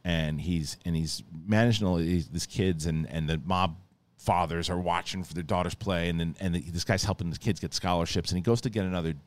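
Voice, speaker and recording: Low-voiced man telling animated stories. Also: a little fast. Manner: animated storytelling, acts out quoted lines in a raised voice; profane, rambling with many restarts. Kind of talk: casual chat.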